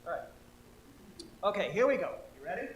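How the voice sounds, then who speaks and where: A man's voice: high voice, sing-song, fairly quick, a little hiss or hum. A man leading his congregation through a participatory poem, playful and coaching them along. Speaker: minister. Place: church sanctuary. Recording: roomy hall echo.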